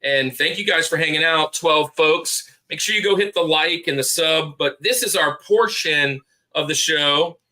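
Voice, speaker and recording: A man's voice: fairly high pitch, normal speed, bright, forceful tone. A man hosting a podcast in casual chat, rambling and repeating himself as he plugs friends. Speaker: podcast host.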